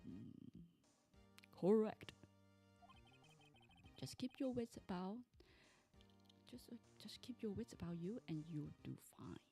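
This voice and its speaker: A woman's voice: mid-range voice, big pitch swings, slow pace, gravelly, long pauses, dark tone, faint music behind, heavily acted. A woman voicing a stern older male judge in a game, reading his lines formally.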